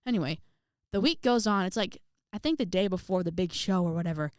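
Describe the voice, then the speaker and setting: A young adult woman telling a story on her vlog in a sassy, animated way, with exaggerated outbursts. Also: lowish voice, fairly quick, no room sound, studio quality. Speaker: vlogger.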